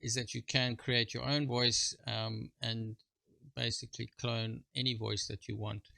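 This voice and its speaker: Guy demoing software on screen, lots of ums, gravelly, super bright dry sound. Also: mid-range voice, little pitch movement, no room sound. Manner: halting, full of fillers and restarts; chuckling, informal asides. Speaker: presenter. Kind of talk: screen-share software walkthrough.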